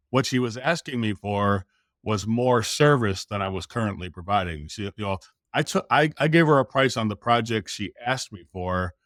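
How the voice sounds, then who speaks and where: A middle-aged American man spins a lively story as a podcast guest, acting out every quoted line and swearing casually along the way. His voice sits in an ordinary male pitch and is recorded close and dry, with no room sound. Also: no echo. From United States. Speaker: sales coach guest.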